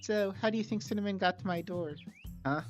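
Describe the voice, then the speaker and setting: A man voicing a sweet, cheerful teenage girl who talks softly and eagerly. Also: sits high, brisk, pitched above the performer's own voice, lightly acted. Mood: playful. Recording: slightly dull with soft music.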